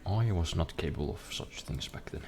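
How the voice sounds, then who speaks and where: A man's voice: extremely low pitch, fairly quick, vocal fry, noisy background. A young man streaming a game, chatting casually in a rambling, profane, self-deprecating way at his computer desk. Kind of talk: casual chat while gaming.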